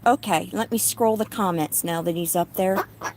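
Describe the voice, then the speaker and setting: A woman's voice: on the low side, moderate pace, a little mellow. A woman from Tennessee chatting casually with her viewers while reading comments outdoors at home, breaking off now and then to soothe a noisy pet bird. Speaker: vlogger with a pet cockatoo. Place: outdoors at home with birds and dogs nearby. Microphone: handheld phone.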